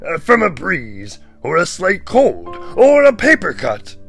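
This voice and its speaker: A man voicing a stern, ancient male frog spirit in a measured, commanding, gravelly voice, in an audiobook. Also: sits high, huge pitch swings, fairly bright tone, soft background music, voice pushed up, full character voice. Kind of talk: audiobook character voice.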